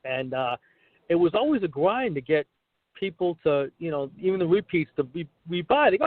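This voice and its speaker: Over a tinny, dry call line with no echo, a middle-aged comedian guest recounts career stories in a relaxed interview, voicing the dialogue himself. His voice sits on the high side with big pitch swings and a moderate pace.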